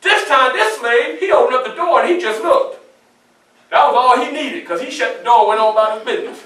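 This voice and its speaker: A man performing as Frederick Douglass, telling his story in the first person with animated, often shouted storytelling to a live audience. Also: very high-pitched, fairly quick, distant mic, exaggerated voice. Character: Frederick Douglass, a defiant young man escaping slavery. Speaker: historical portrayer. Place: public library event room. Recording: echoey room, mic from afar.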